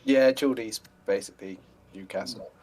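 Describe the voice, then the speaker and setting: A man chatting casually over a headset mic in online game voice chat, leading his group and listing things off in short, relaxed bits. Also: mid-range voice, normal speed, breathy edge.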